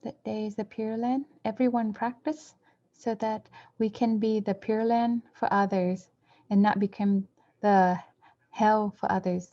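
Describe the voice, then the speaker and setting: A woman interprets a Buddhist dharma talk in a mellow, unhurried voice, speaking in short, careful phrases and sometimes correcting herself mid-word. The recording is dull and somewhat lo-fi. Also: medium pitch, steady tone. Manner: measured, short phrases with occasional self-corrections.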